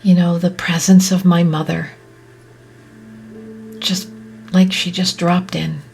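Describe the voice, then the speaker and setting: A woman hosting a podcast, speaking in a soft, often whispery, reflective way, her voice catching with emotion. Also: fairly low pitch, little pitch movement, takes it slowly, vocal fry, faint music behind. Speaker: podcast host. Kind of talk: slow reflective monologue.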